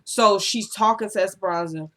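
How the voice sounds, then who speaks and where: A woman casually recapping a TV episode for her channel, chatty and digressive, getting animated when she gives her opinions. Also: mid-range voice, moderate pace. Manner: chatty and digressive, often says "you know what I'm saying".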